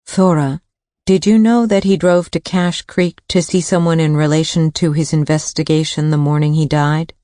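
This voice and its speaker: A woman's voice: deep voice, steady tone, moderate pace, mellow, no echo, clean studio sound, lightly acted. A woman voicing a persistent adult daughter who asks direct, probing questions, in an audiobook.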